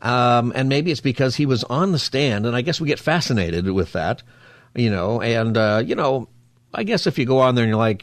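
A man hosting a radio talk show, chatting quickly and casually with jokey asides into a studio microphone. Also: medium pitch, expressive, dry recording.

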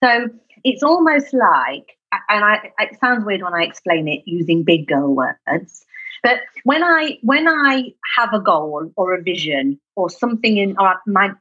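A woman with a northern British accent speaks with a bright, sharp tone and a very animated rise and fall in her voice. Her voice is a little husky, and the recording sounds slightly lo-fi and dull. She is an energetic, emphatic podcast guest. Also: medium pitch. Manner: energetic, emphatic, self-deprecating. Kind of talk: casual interview chat.

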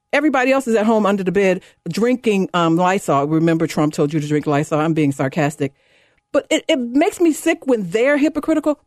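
A woman in her fifties hosting a talk radio show, delivering a fired-up, sarcastic monologue that climbs high when she gets indignant. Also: darkish tone, no echo, clean studio sound. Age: 50s. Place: radio studio. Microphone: studio microphone.

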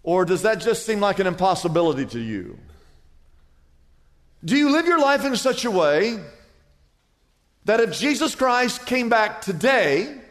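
A man preaching a sermon as pastor, telling stories with big swings between loud and soft. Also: unhurried, long pauses, in a large hall. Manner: animated storytelling with wide swings in pitch and volume.

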